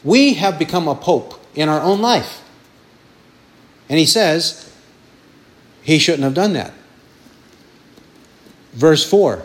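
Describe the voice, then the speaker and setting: Male preacher, high voice, slow and emphatic delivery, piles up words for stress. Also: lively intonation. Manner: asks questions and answers them himself. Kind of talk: sermon.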